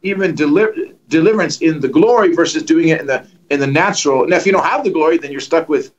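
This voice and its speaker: A man telling lively stories as a guest evangelist on a livestream, acting out the quotes and joking. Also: a little high, quick pace, dull audio, crowd noise. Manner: animated, acts out quotes, joking. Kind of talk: storytelling in a livestream conversation.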